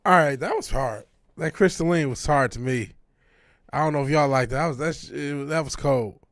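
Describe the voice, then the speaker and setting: A man's voice: medium pitch, no room sound. A man livestreaming from his home music studio, chatting casually with plenty of slang and swearing, sometimes talking to his dog. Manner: laid-back, slangy, swears often; coaxing and scolding his dog. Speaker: music producer streaming live.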